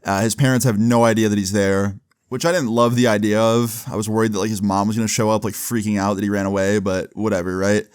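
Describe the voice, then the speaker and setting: A man's voice: fairly low pitch, level tone, fast, smooth, no room sound, studio quality. A man telling a casual storytime in a laid-back way, swearing often and filling his speech with 'like'. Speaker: storyteller vlogger.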